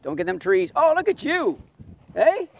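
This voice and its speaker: A man's voice: very high-pitched, wildly swooping pitch, normal speed. A man hosting a fishing show from a boat outdoors, coaching and encouraging his guest. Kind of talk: casual fishing chat.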